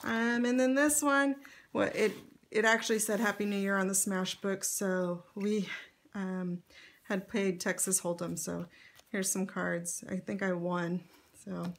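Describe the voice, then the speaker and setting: A middle-aged woman talks through her scrapbook pages in a loose, chatty way. She pauses on fillers and breaks into light laughs now and then. Her voice sits at an ordinary middle pitch. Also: level tone, slight background noise. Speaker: scrapbook vlogger. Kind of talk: casual show-and-tell narration.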